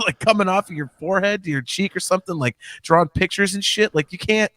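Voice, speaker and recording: A man's voice: high voice, fast talker, sharp tone, no echo. A man hosting a casual chat show, telling stories in a loose, profane, self-deprecating way. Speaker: host.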